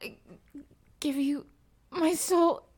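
A woman playing a breathy, flustered young streamer. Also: sits high, steady tone, darkish tone. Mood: breathless.

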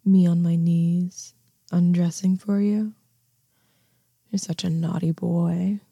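A young woman in a whispered role-play, voicing a bossy, self-assured neighbor who talks in a slow, coaxing, commanding way with a breathy, half-whispered sound. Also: on the low side, level tone, warm tone, no room sound, studio quality, exaggerated voice. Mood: teasing.

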